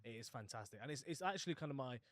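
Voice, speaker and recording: A man co-hosting a podcast in casual chat, relaxed and quick to chime in with agreement. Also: medium pitch, no echo. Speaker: podcast co-host.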